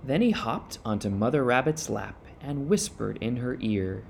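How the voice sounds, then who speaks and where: A man reading a children's story aloud with an expressive delivery. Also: medium pitch, creaky, a little hiss or hum. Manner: expressive, unhurried. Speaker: reader.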